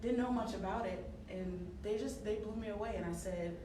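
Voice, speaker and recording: A woman's voice: mid-range voice, brisk. A woman in her thirties, a wrestler chatting as a radio interview guest, talking with lots of fillers and laughs. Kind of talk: casual radio interview chat. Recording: roomy, distant mic, noisy background.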